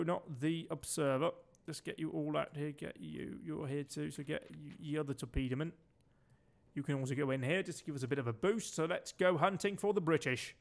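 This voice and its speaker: Man, from denmark, gameplay commentary, gravelly, barks orders, swears a lot. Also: fairly high pitch. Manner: chatty, swearing, barking orders at his crew. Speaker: game streamer.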